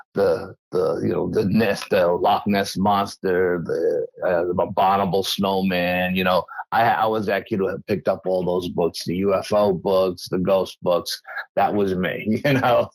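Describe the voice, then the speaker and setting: A man's voice: low voice, dry recording, low-quality recording. A man in his sixties with a thick Bronx New York accent, chatting casually and rambling a little as a guest. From Yonkers, New York. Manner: chatty, rambling, laughs often. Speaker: guest paranormal researcher. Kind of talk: casual chat.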